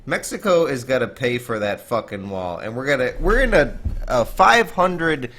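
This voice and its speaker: A man putting on a blustering male candidate who pounds the same point over and over in a bombastic stump-speech style. The delivery is big and punchy and keeps coming back round to itself, like a rally pitch. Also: very animated, normal speed, a bit bright. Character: blustering male presidential candidate boasting about deals.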